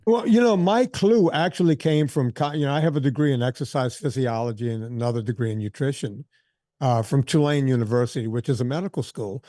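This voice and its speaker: A man in his sixties, a fitness trainer telling stories in a casual interview, animated and full of quoted asides and restarts. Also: medium pitch, a little fast, no echo, studio quality. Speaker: fitness trainer and podcast guest.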